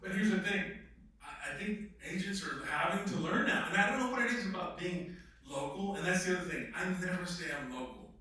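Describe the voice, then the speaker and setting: Heard from a distant mic in a very echoey room, a male actor with a high, brisk, sharp voice shares stories at a filmmaker workshop where he's a guest. He speaks emphatically and bluntly, swearing at times, in an animated conversational way.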